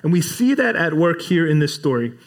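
A man's voice: fairly high pitch, big pitch swings, brisk. A male pastor preaching a sermon in a casual, conversational way, acting out bits of dialogue as he retells a Bible story.

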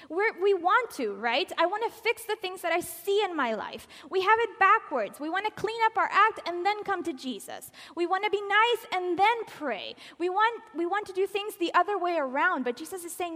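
High-voiced woman preaching in a reverberant hall. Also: normal speed. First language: Spanish. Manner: expressive, animated, acts out quoted lines; drops to soft near-whispers for emphasis. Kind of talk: sermon.

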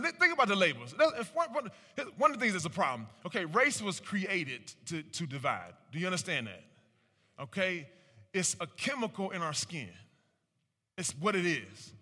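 Man, punchy and bright, call-and-response speaker in a reverberant hall; rhetorical, acts out voices. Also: a little high. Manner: animated, rhetorical questions, acts out quoted voices. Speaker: speaker at a community talk. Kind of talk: preaching-style public talk with audience call-and-response. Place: large room with an audience.

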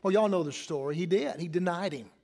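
High-voiced preaching pastor, man. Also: fast, darkish tone. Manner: conversational preaching, repeats phrases, asks congregation questions. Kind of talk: sermon.

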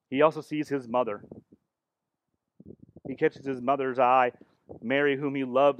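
A man's voice: medium pitch, rough recording. A man preaching a sermon in church as pastor, retelling the crucifixion with dramatic, building intensity. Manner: dramatic, rising to intense passages. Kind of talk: sermon with live demonstration.

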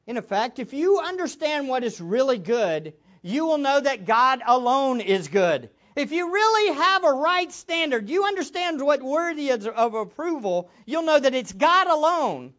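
A man's voice: extremely high pitch, big pitch swings, normal speed, hardly any pauses, fairly bright tone, highs cut off. A man preaching a sermon as a pastor, emphatic, with much repetition for stress.

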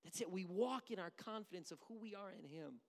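A pastor delivering a sermon, shifting between hushed near-whispers and loud, emphatic bursts. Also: medium pitch, expressive, fairly quick, long reverb tail.

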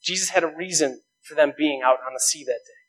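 A man's voice: fairly high pitch, brisk, fairly bright tone, poor audio. A man preaching a sermon, earnest, building emphasis through rhetorical questions. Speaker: pastor.

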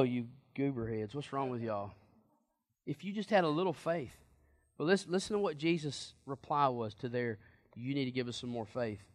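A man's voice: fairly high pitch, a bit bright. A man preaching a sermon in a conversational, emphatic way and asking the congregation questions.

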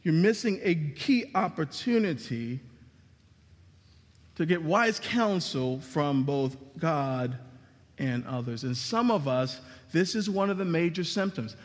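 A high-pitched man preaching with emphatic swings, dropping low on key words and rising sharply for emphasis. His voice rings with a long hall reverb. He delivers the sermon as a pastor. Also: animated, takes it slowly. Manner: emphatic preaching with dramatic drops and rises in pitch.

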